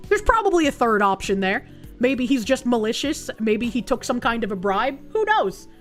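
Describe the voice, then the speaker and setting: A woman's voice: on the high side, very animated, moderate pace, faint music behind. A woman streamer reading an article aloud and reacting to it in a blunt, sarcastic and profane way.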